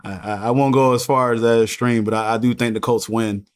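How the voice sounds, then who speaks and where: A man on a sports podcast panel, easygoing and quick to laugh in casual chat. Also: mid-range voice, steady tone, clean tone.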